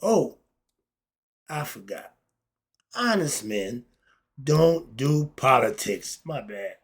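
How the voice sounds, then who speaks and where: Husky ranting man. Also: mid-range voice, big pitch swings, slow. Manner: blunt, ranting, swings between muttering and outbursts. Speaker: commentary vlogger. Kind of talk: casual opinion monologue.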